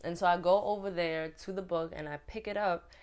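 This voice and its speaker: A woman's voice: lowish voice, brisk. A woman from New York chatting through a personal storytime with lots of fillers. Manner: chatty, animated retelling with many fillers. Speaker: vlogger. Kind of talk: casual storytime.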